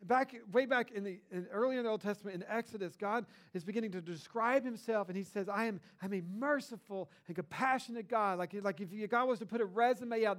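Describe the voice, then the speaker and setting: A middle-aged male pastor preaching a sermon in a high-pitched voice. He keeps it conversational, stressing points with lively emphasis as he retells a story. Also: brisk, hardly any pauses.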